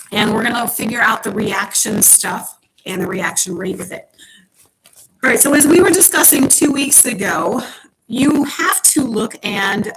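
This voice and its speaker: A woman teaches a chemistry lesson over a live stream from her home computer. She explains each step patiently, pausing on little ums. A faint hiss sits under her voice. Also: a little high. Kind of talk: online class lecture. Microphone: home computer mic on a live stream.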